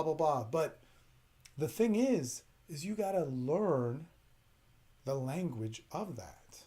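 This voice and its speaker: A podcast host with a slightly high, darkish voice gives relationship advice in a casual monologue. He's blunt, rambling, profane and emphatic.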